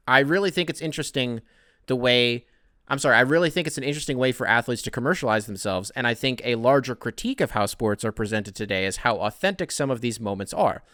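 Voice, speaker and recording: A man's voice: medium pitch, sharp tone, no echo. A man hosting a casual solo podcast who answers listener emails in a rambling, profane, conversational way, close to the mic. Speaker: podcast host.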